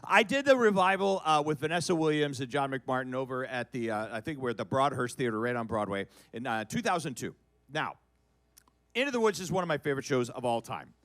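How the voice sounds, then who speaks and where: A middle-aged man telling a comic story on a cabaret stage, animated and building to loud shouts. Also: mid-range voice, brisk, dry recording. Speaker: guest performer.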